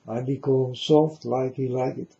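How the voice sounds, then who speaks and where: A man's voice: mid-range voice, fairly even intonation, a little slow, creaky, mellow, muffled recording. A man giving a preachy monologue in broken, non-native English, emphatic and repetitive, often asking if the listener understands. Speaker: speaker addressing viewers.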